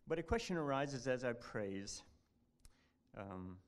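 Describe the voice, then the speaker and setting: A man giving a devotional talk at church, reading a passage aloud in an earnest, halting way. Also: medium pitch, expressive.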